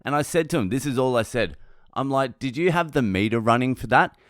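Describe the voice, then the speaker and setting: A man's voice: medium pitch, a little fast, no echo. A male comedian hosting a podcast, telling a blunt, heavily sweary story into a close mic. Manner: blunt, heavy swearing, animated. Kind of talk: profane storytelling monologue.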